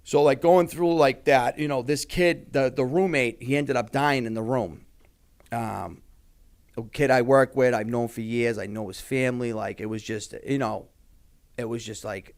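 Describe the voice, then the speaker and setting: Man, young adult, podcast guest, casual rambling talk, heavy swearing, middle pitch. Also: normal speed.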